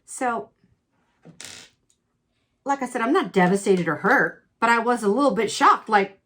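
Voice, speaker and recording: A middle-aged woman chatting through a makeup tutorial, candid and quick to exclaim, telling a personal story as she works. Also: mid-range voice, fairly bright tone. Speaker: beauty vlogger.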